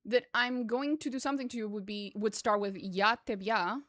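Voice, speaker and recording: A woman's voice: on the high side, brisk, no echo, studio quality. A young woman streaming a game, chatting casually with her viewers, swearing and laughing often. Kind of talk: casual chat while gaming.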